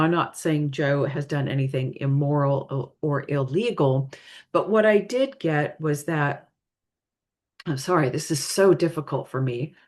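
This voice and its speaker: A woman giving a spiritual reading in a casual, hesitant way, apologizing often, her voice tired and straining. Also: deep voice. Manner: hesitant, apologetic, halting with many fillers. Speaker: spiritual reader.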